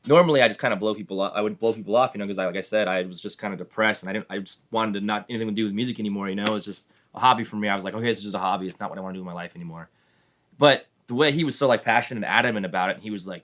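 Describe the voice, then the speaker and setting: Fast-talking low-voiced man telling stories. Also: fairly bright tone. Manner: rambling anecdotes with frequent laughs and acted-out quotes. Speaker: drummer, band member guest. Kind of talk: casual storytelling interview.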